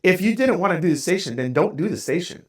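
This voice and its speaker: Lively man telling a story. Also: high voice, fast talker, breathy edge. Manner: animated, self-deprecating, candid. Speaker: podcast host. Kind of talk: casual storytelling monologue.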